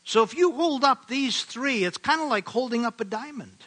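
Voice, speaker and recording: An older man from the American Midwest preaching a sermon, earnest and emphatic, slowing to stress key phrases. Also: very high-pitched, animated, bright, forceful tone, poor audio. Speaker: pastor.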